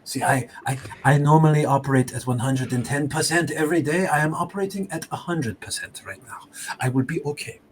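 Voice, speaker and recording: A man's voice: a little high, fairly quick, a little hiss or hum, pitched above the performer's own voice, close to an everyday voice. A man doing a pompous, sanctimonious explorer. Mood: boastful. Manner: haughty, condescending. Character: pompous mustached male explorer, scoffing and sanctimonious.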